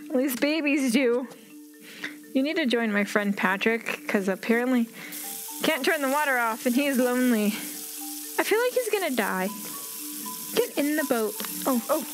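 A young woman commenting on a game, gasping, squealing and talking baby-talk to the animals. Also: high voice. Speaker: gaming video creator. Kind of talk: excited gameplay commentary.

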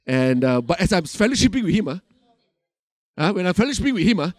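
A man's voice: high-pitched, fast, dry recording. Malaysian guy preaching, chatty testimony, voice goes up and down a lot, dry close sound. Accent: Malaysian English. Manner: animated, conversational preaching, many asides and fillers. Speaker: pastor. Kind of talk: sermon with personal testimony.

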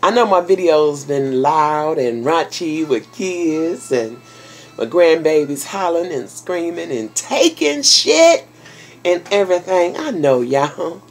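A grandmother with a low, deep speaking voice chats casually from her home office. She talks to her viewers in a folksy, salty way, full of endearments, and sounds worn out. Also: expressive, slow, soft background music. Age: older. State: tired. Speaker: vlogger. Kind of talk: casual vlog chat.

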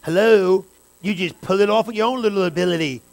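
A man pastor preaching a sermon, talking straight to his congregation and building to fervent, loud stretches. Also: sits high, fairly quick, creaky. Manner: preaching with rising fervor, direct address to the congregation.

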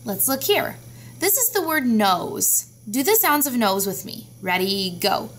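A woman leads a phonics lesson for young children. She speaks slowly in a fairly high voice and sounds out each letter with care. A faint hum sits under the recording. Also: big pitch swings, a bit bright. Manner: slow, clear, sounding out letters. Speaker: teacher.

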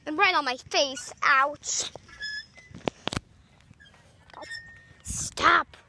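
A woman voicing an excitable, clumsy young girl at a playground, chattering through everything she does and yelping when she tumbles. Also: sits high, drawn-out words, full character voice. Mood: squealing. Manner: chatty running self-commentary, squealing and yelping. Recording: noisy background.

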